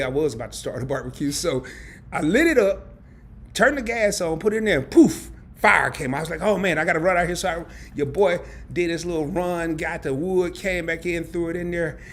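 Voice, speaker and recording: A man hosting a casual livestream, telling a story in an animated, slangy way and laughing often. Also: high voice. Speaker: travel and credit card channel host. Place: home during a power outage.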